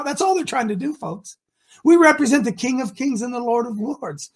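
A preachy male talk show host from Ohio with a husky voice. He talks emphatically, breaking out into shouts and then dropping low. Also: expressive, normal speed. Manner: emphatic and preachy, swinging between shouting and mutters.

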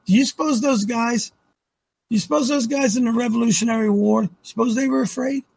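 Man, high husky gravelly voice, emphatic preaching, rhetorical questions. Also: brisk. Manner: emphatic, rhetorical questions, swings loud to soft. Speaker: host. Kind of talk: preaching on a talk show.

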